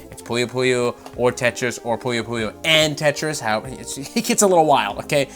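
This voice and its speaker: A man's voice: medium pitch, normal speed, fairly bright tone, soft background music. A man giving casual, sarcastic commentary on gaming news, swearing freely and laughing often.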